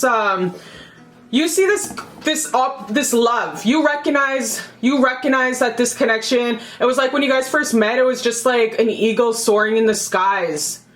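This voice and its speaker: A young woman giving a casual tarot reading to camera, chatty and emphatic, swearing freely and repeating phrases. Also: on the high side. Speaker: tarot reader.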